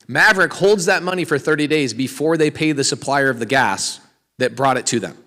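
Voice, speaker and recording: A man's voice: mid-range voice, brisk. Man lecturing a seminar crowd in a hall. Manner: energetic, quizzing the crowd with questions. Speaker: real estate speaker. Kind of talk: live seminar talk to an audience. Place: large hall with an audience.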